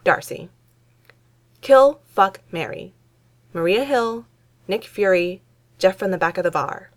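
A woman's voice: medium pitch, animated, takes it slowly. A woman reading fan fiction aloud, voicing an impatient, tipsy woman who runs a bar and swears freely. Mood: brusque.

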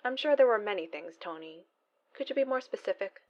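A woman reading the lines of a brisk, sardonic female personal assistant in a fan fiction audiobook, dry and no-nonsense. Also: medium pitch, lively intonation, highs cut off, close to an everyday voice.

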